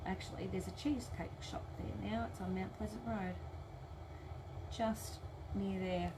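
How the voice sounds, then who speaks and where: A woman's voice: mid-range voice, steady tone, unhurried, noisy background. Chatty Australian woman, laughing easily. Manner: chatty, laughs often, cheerfully swears. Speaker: host of a live craft stream. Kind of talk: casual live chat reading viewer comments.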